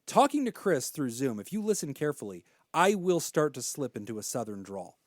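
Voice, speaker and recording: A man's voice: medium pitch, big pitch swings, fairly quick, no room sound, studio quality. An American man hosting a podcast, chatting enthusiastically and teasing his guests. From United States. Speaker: podcast host. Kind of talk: casual chat.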